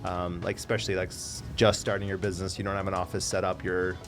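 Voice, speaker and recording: Rapid low-voiced male guest over music. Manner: relaxed, talks in fillers. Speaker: guest accountant. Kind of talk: casual podcast chat.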